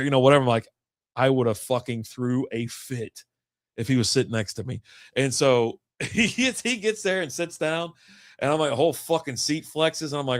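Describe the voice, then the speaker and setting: During a casual chat, a male podcast co-host rambles through a long, profane story while acting out what people said. His medium-pitched voice is brisk, and the clean studio recording has no echo.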